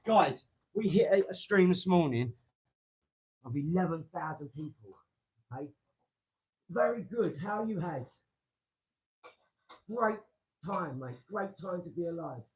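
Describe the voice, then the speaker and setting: A man hosting a casual live stream from his garage, rambling excitably and talking straight to his viewers. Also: a little high, measured pace, long pauses, low-quality recording. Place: home garage.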